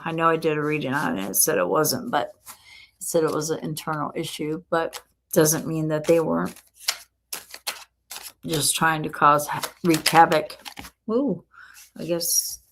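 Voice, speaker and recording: A woman with a low, deep voice gives a casual live tarot reading. She talks slowly and warmly encouraging, chatting to viewers and laughing often. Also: fairly even intonation, slight background noise. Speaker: tarot reader host.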